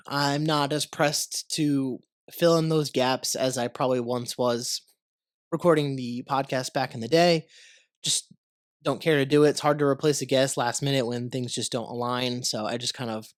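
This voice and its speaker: A man's voice: medium pitch, no room sound. Man, american podcast host, congested from a cold, rambling casual talk, dry close sound. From United States. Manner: rambling, relaxed, swears casually.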